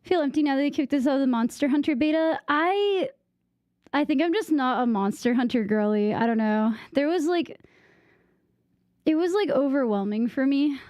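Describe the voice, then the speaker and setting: A young woman chats casually while she plays, her thoughts wandering and her sentences full of "like." Her voice sits fairly high with a soft, mellow tone. The sound is dry and close, like a desk mic. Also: animated, normal speed, no room sound, highs cut off. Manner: rambling, distracted, filler-heavy with "like". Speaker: gaming streamer. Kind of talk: casual gameplay chat.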